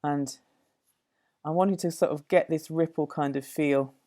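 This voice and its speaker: A woman demonstrating a watercolour painting, musing aloud as she works, with many pauses and self-corrections. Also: sits low, fairly even intonation, dark tone. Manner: thoughtful, musing, full of fillers and self-corrections. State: slightly out of breath at times. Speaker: art teacher.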